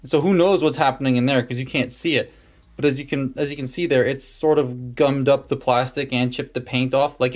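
Male toy reviewer at a mid-range pitch, informal and hands-on, narrating step-by-step with easygoing chatter and jokes at his own expense. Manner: chatty, self-deprecating, talks through hands-on steps. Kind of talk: casual toy review and transformation walkthrough.

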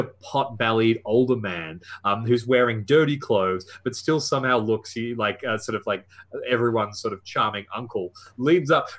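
A man's voice: medium pitch, fairly bright tone. A man narrating a tabletop horror game as game master, often hesitant and full of fillers.

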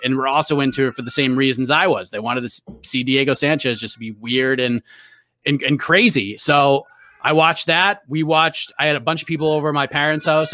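An MMA reporter with a Boston accent, hailing from New England, guests on a casual podcast interview. He tells stories in a chatty manner, often restarting and using fillers, in a medium-pitched, sharp-toned voice.

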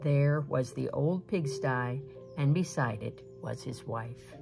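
A woman reading a fairy tale aloud as storyteller, with steady, expressive narration. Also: extremely low pitch, slow pace, creaky, over music.

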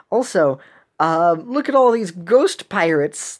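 Slow, chatty woman musing about a game. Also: lowish voice, very animated. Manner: chatty, musing, trailing off with ums. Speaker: game video host. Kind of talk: casual commentary on game cutscenes.

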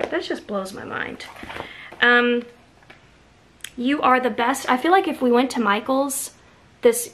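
A woman's voice: a little high, creaky, fairly bright tone, a little hiss or hum. A woman in her thirties chatting casually through a shopping haul, gushing with enthusiasm over each item. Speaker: haul vlogger. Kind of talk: casual show-and-tell haul.

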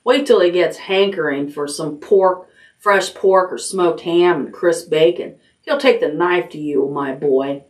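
A woman voicing a gluttonous male rat with a husky, hoarse voice and slow, gloating delivery. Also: lowish voice, lightly acted. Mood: taunting.

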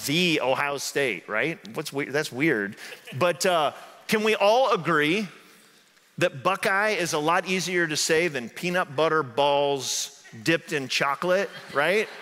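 Male pastor, conversational sermon, from southern Indiana, fairly high voice, echoey sanctuary. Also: sharp tone. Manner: conversational, keeps asking "right?". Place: church sanctuary.

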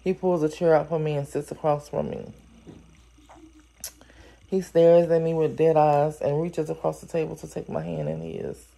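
A woman reading a novel aloud who breaks off now and then to react in animated, exclaiming asides. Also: low voice, moderate pace, vocal fry. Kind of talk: story reading with chatty reactions.

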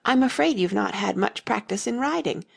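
A woman's voice: medium pitch, expressive, normal speed, vocal fry, slightly rough, pitched above the performer's own voice, exaggerated voice. A woman voicing a polite, curious young girl in an audiobook reading.

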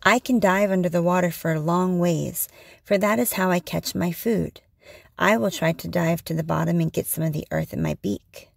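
A woman's voice: fairly low pitch, moderate pace, vocal fry, dry recording, studio quality. A woman voicing a male loon, a diving bird, speaking plainly and earnestly in a storybook reading.

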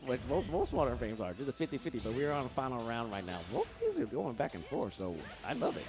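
A man giving playful, excitable live commentary on a fighting game match, acting out the players' thoughts. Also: medium pitch, fast, creaky, over music.

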